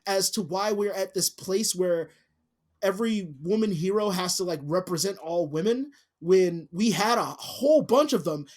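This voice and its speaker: A woman's voice: mid-range voice, moderate pace, darkish tone. Swearing, rambling woman podcast co-host. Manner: profane, rambling, swears constantly. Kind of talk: casual chat.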